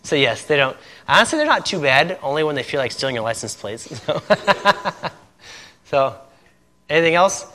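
Bright-voiced chatty male missionary. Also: a little high, big pitch swings, moderate pace, slight background noise. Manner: chatty, laughs often between sentences. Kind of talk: casual talk to a group.

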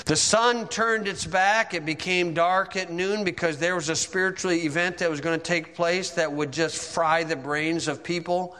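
Bright-voiced preacher in a reverberant hall. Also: male voice, a little high, normal speed. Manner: vivid dramatic storytelling. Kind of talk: sermon.

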